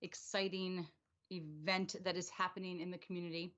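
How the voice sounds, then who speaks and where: A woman's voice: flat delivery, moderate pace, fairly bright tone. Upbeat woman co-hosting a stream. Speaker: co-host. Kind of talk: casual livestream chat. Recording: muffled low-fidelity stream audio.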